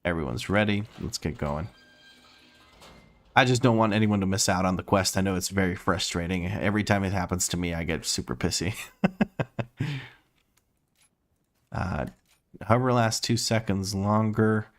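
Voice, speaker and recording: A man's voice: low voice, normal speed, pauses often. A man streaming a game, chatting casually and playfully, thinking aloud and laughing often. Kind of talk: casual live-stream chat while gaming. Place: home room.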